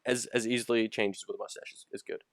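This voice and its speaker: A man's voice: on the low side, fairly even intonation, quick pace, no echo, clean studio sound. A man hosting a casual gaming podcast, rambling with lots of fillers and restarts. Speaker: podcast host.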